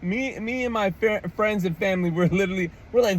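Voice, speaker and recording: A man's voice: high voice, brisk. A man ranting about wrestling in casual, profane commentary, full of "man" and "like" and mocking voices. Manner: animated, profane, repeats "man" and "like".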